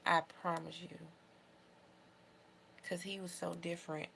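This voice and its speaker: A young adult woman speaks casually to camera in a low voice with a gravelly edge. She talks in an emotional, heartfelt, rambling way. A faint background noise sits under the recording. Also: little pitch movement, normal speed, pauses often, a bit bright. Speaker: beauty vlogger.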